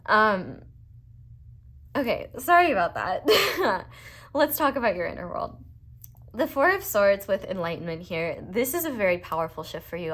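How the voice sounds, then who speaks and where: A woman's voice: on the low side, fairly bright tone. A young woman, doing a casual, rambling tarot reading full of fillers and earnest asides. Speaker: tarot reader.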